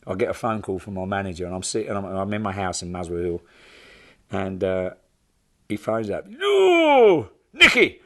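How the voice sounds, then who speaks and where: An older man telling an animated, laughing anecdote as an interview guest. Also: deep voice. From London. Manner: animated, laughing, acts out other people's voices. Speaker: interview guest, rock drummer. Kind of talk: anecdotal storytelling.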